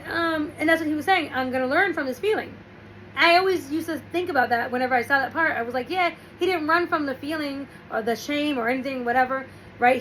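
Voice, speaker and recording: High-voiced woman giving casual advice. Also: fairly bright tone, slight background noise, low-quality recording. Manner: rambling, restarts, storytelling with quoted asides. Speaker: host.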